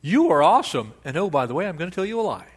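A man voicing an ancient lawyer who heaps over-the-top flattery on a governor. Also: fairly high pitch, very fast, slightly rough. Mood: fawning.

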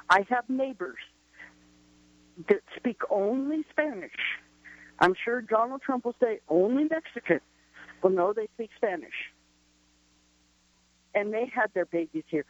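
A high-voiced woman on a dull, dry phone line, calling into a radio show. She speaks indignantly and emphatically, firing off rhetorical questions, and is close to tears. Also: no room sound. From US border region. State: emotional, near tears. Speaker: caller.

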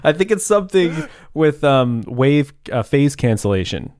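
A man's voice: a little high, sing-song, a little slow, a little mellow, clean tone, no room sound. Playful young man, dry close sound. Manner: playful, jokey, laughs often. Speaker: podcast co-host. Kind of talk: casual chat.

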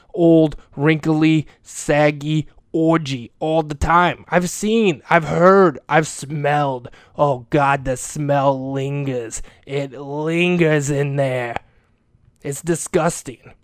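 A crude, middle-aged school janitor grumbles and rants to himself, played by a man in a comedic monologue. His voice sits a touch high and comes across smooth and clear. The sound is dry and close, with no room around it. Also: dry recording, close to an everyday voice. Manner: profane rambling rant, grumbling to himself.

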